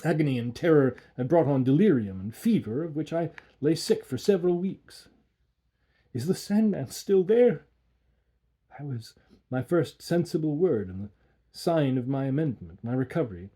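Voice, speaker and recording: A man reading a classic horror tale aloud with an expressive, theatrical delivery. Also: medium pitch, normal speed.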